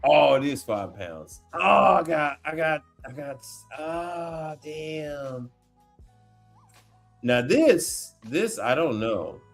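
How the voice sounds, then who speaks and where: A man hosting a casual livestream, talking in an animated, slangy way, exclaiming and repeating himself as he reacts. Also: on the high side, drawn-out words, creaky, soft background music. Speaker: appliance repair tech livestream host. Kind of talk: casual livestream chat while browsing online.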